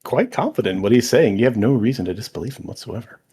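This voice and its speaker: A man narrating a tabletop game as game master in a relaxed, descriptive way with small hesitations. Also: mid-range voice, fast, breathy edge.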